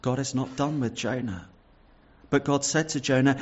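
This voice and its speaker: A man's voice: mid-range voice, normal speed, highs cut off. A man preaching a sermon, reading Bible verses and explaining them earnestly, with some stumbles and repeated words. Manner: repeats words and restarts with fillers.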